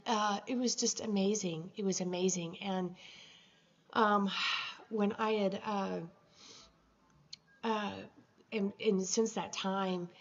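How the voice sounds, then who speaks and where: Woman vlogger, gravelly, dull lo-fi sound, emotional halting storytelling. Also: medium pitch. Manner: emotional, halting, with many fillers. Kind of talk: personal video journal, storytelling.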